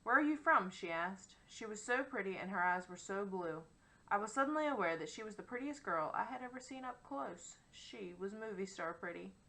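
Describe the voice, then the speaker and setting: A woman reading a first-person novel aloud as an audiobook narrator, in a wry, expressive storytelling manner. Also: medium pitch, normal speed, creaky, poor audio.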